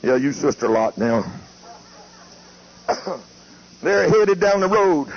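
A male pastor, preaching a fiery sermon with shouting and declaiming. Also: fairly high pitch, expressive, slow, creaky, slightly rough. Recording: muffled lo-fi tape with faint hiss.

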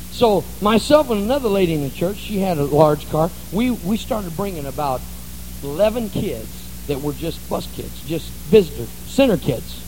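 A man's voice: a little high, animated, normal speed, a little mellow, slight background noise, low-quality recording. A man pastor preaching a sermon in a church, telling stories in a folksy, conversational way. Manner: folksy storytelling.

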